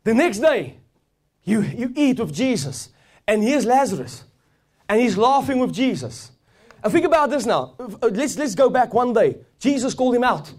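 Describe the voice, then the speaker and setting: Guy preaching a sermon, high voice, fired up and repeating himself. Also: very animated, normal speed, a little mellow. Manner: fervent, rising and swelling as he preaches, with repeated phrases.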